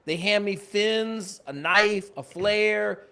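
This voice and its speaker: Bright, animated storytelling man. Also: high voice, slow pace, creaky, smooth. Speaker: former Navy SEAL guest. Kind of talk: storytelling in a casual podcast chat.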